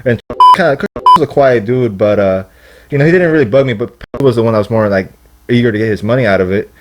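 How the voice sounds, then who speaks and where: A young man with a mid-range voice talks quickly over heavy background noise as a podcast guest. He tells a long, rambling, profane story in casual chat, acting out what people said.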